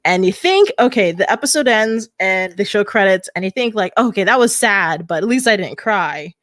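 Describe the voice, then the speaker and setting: A woman guest on a podcast telling a story in lively casual chat, laughing as she goes. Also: mid-range voice, normal speed, dry recording, clean studio sound.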